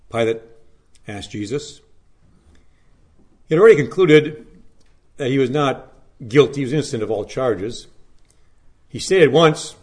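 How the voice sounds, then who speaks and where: A man preaching a Good Friday sermon, reading scripture aloud, then preaching in an earnest, measured way with dramatic rises and hushed drops. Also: medium pitch, expressive. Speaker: pastor.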